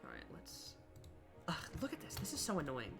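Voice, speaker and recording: A man's voice: a little high, wildly swooping pitch, a little fast, gravelly. A young man, a university student, chatting casually on a live stream while he works, muttering at his own progress in a self-deprecating way. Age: young adult. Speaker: streamer and level designer. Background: music and keyboard typing.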